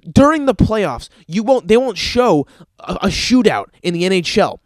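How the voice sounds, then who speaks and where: A man's voice: sits high, sing-song, normal speed, no echo. A man who works at a restaurant, delivering a profane, exasperated rant full of stammers and restarts. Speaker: restaurant server. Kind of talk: ranting comedic monologue.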